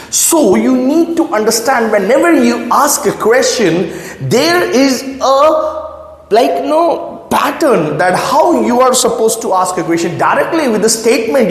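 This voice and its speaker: Lively man teaching, echoey room. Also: high-pitched. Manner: checks in often with the listener, repeats key phrases; writes on a board while explaining. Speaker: English teacher. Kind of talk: classroom-style grammar lesson. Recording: echoey room with long reverb.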